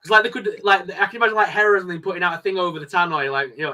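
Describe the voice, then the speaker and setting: A man co-hosts a live stream in relaxed, excitable chat. His voice sits a touch high and rings bright and forceful. He laughs often and acts out lines as he goes. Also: very fast, few pauses. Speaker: co-host.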